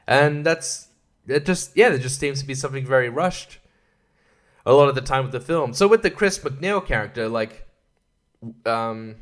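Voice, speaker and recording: A man's voice: medium pitch, lively intonation, normal speed, long pauses. A young man hosting a podcast, rambling through a film review with sarcasm and frequent laughs. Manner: rambling, sarcastic, laughs often, does mocking voices. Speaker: podcast host reviewing films. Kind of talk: casual film review monologue.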